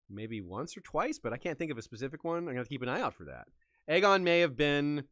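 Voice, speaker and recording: A man talks through history in a loose, thinking-aloud way, restarting sentences as ideas come to him. His voice is bright and forward, recorded very dry and close. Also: mid-range voice, dry recording. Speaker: podcast host. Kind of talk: casual history discussion.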